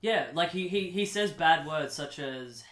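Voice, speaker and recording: A young man co-hosting a casual comedy podcast, rambling through an improvised story with a deadpan delivery. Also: on the high side, a little slow. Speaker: podcast co-host. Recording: echoey room.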